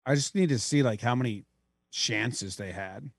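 A man co-hosting a podcast, bantering casually about baseball in an animated, jokey way. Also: mid-range voice, moderate pace, vocal fry, breathy edge, no room sound, studio quality. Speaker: podcast co-host. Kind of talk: casual sports chat.

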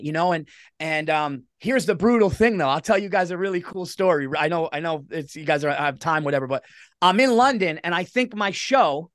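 A middle-aged man, a comedian guest telling stories in a rambling, animated way. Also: a little high, a little fast, no echo, clean studio sound. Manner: animated, rambling, self-interrupting. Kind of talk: casual interview storytelling.

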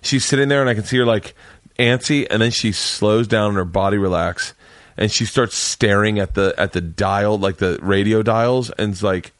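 A man's voice: fairly low pitch, normal speed, no echo, studio quality. A man hosting a podcast from his home man cave, rambling through stories with plenty of swearing. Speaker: podcast host. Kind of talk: casual chat.

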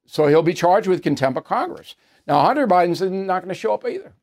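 A man's voice: high voice, big pitch swings, fairly quick, a little mellow. A man hosting an opinionated news commentary show, talking in an indignant, sarcastic way with scoffing asides, in a studio. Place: studio with earpiece to producers.

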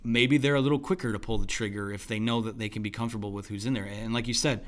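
A man talking through a post-game football analysis in a loose, thinking-aloud way with lots of fillers and restarts, his voice going hoarse. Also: lowish voice, fairly even intonation, fast talker, fairly bright tone. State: losing his voice. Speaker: sports analyst.

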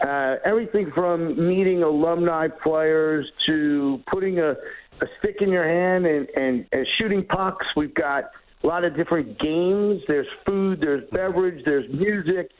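A man with a slightly high voice talks up a coming event in an upbeat, rambling way, full of fillers and restarts. His voice comes through a thin, tinny phone line. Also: measured pace. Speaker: guest executive. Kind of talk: phone interview.

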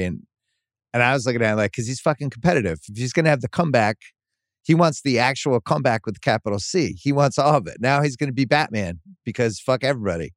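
A man's voice: mid-range voice, lively intonation, quick pace, dry recording. Male podcast host, fifties, blunt, swears freely, dry close mic. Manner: blunt, swears freely, builds a point by retelling. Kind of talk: casual interview chat.

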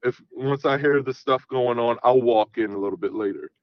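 A man's voice: medium pitch, moderate pace, no room sound. A man telling a long personal story in casual, rambling talk, full of swearing and "I'm like" asides. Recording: dull lo-fi sound.

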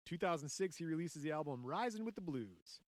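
A man's voice: on the high side, animated, a little fast, no echo. A man hosting a podcast, telling a story in casual chat, joking and laughing often.

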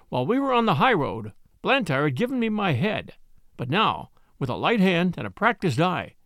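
A man narrating a classic novel in an expressive, measured storytelling manner. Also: a little high, no room sound, studio quality. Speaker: audiobook narrator.

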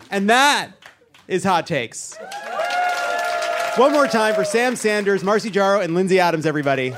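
Animated male podcast host. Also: high voice, a little slow, long pauses, over a noisy crowd. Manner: animated, mock-outraged, laughing. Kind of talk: comedic live podcast hosting. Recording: live show with audience and noise.

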